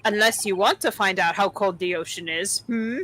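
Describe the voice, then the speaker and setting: A taunting, threatening captor, read aloud by a woman in character. The tone is bright and cutting, with a slow drawl of menace. It sounds like game dialogue voiced by a streamer. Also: mid-range voice, low-quality recording. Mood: taunting threat. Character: menacing captor interrogating a stowaway.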